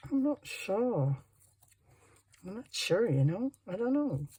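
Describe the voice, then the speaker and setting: Working on papercraft at her home desk, this woman vlogger keeps up a chatty, rambling commentary full of self-mockery. She has a husky, darkish, fairly low voice.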